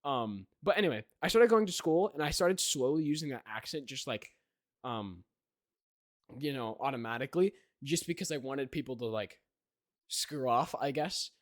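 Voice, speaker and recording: A man's voice: medium pitch, lively intonation, normal speed, no echo, studio quality. A young man co-hosting a podcast, chatting casually and rambling, with many restarts and "right?" tags. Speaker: podcast co-host. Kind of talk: casual chat.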